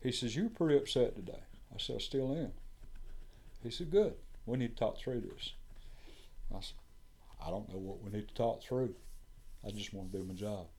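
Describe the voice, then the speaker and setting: A man's voice: fairly low pitch, moderate pace, pauses often, darkish tone. Man telling a firehouse story. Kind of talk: casual storytelling conversation.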